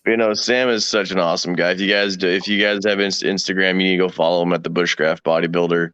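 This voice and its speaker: Laid-back deep-voiced man, dull sound. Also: flat delivery, fast talker, a bit bright, clean tone, no room sound. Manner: laid-back, profane storyteller who acts out voices in his stories. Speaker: guest. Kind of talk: casual chat.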